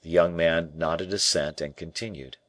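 A man narrating an audiobook in a quiet, even reading voice. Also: low voice, moderate pace, no echo. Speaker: audiobook reader. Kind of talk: scripted narration.

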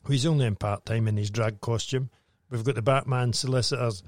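A man's voice: medium pitch, steady tone, fairly quick, dry recording, clean studio sound. A Scottish man ranting in a casual chat, sardonic and swearing heavily.

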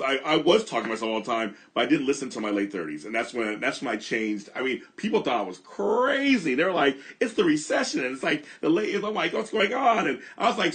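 Brief: middle-aged male host from Los Angeles, lively swinging delivery, candid and reflective. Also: medium pitch. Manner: earnest and reflective, repeats and restarts phrases. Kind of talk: candid conversational storytelling.

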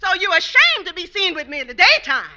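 An actress playing a sharp-tongued, fed-up wife in a 1950s radio sitcom, brassy and scolding, on an old, dull radio recording. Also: female voice, very high-pitched, sing-song, quick pace, full character voice. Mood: indignant.

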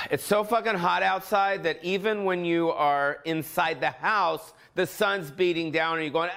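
Here the same sort of solo home rant comes from a man with a high, creaky voice who talks a little slowly. He's a podcast host, very profane and lively, jumping without warning into mock voices.

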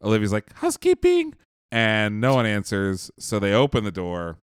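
A man's voice: fairly low pitch, moderate pace, smooth, no echo, studio quality. A young man from Pennsylvania co-hosting a casual podcast, recapping a TV episode with profanity and acted-out quotes. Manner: laid-back, profane, acts out quoted characters. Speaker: podcast co-host.

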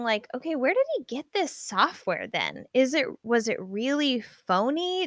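A woman co-hosting a podcast in casual chat, animated, reading out news quotes. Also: a little high, no echo, studio quality. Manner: animated, reads quotes from newspaper articles. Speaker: podcast co-host.

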